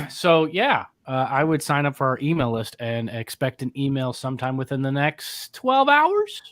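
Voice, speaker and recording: A man's voice: mid-range voice, big pitch swings, normal speed, a bit bright, dry recording, clean studio sound. A man co-hosting a casual livestream, talking up upcoming news in a chatty, promotional way. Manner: chatty, promotional, restarts phrases. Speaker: co-host.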